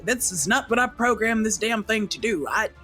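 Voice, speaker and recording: A woman's voice: a little high, normal speed, bright, forceful tone, soft background music. A woman voicing a flustered, pompous man who is indignant at a failed plan. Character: flustered pompous male schemer.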